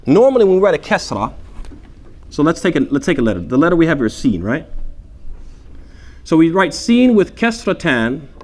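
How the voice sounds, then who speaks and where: A male teacher leading a class in Quran recitation, energetic and asking questions for the students to answer aloud. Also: fairly high pitch. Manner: energetic, quizzing the class with call-and-response; chants short Arabic phrases slowly for students to repeat. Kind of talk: interactive classroom lesson.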